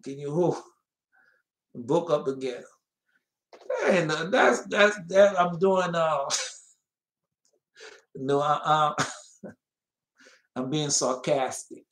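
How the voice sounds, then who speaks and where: A man preaching a fiery Bible-study sermon, swinging between loud emphatic bursts and soft mocking asides, and reading scripture slowly. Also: fairly high pitch, roomy sound. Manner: slow, drawn-out scripture reading.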